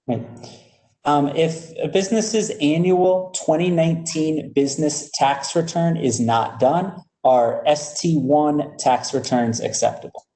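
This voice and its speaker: A man's voice: a little high, measured pace, warm tone, rough recording. A man moderating a webinar, reading out viewers' questions in an affable way with many fillers.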